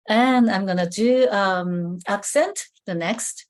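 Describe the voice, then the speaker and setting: A woman giving a live skincare demonstration over a video call, explaining step by step in a halting way with many fillers and restarts. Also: medium pitch.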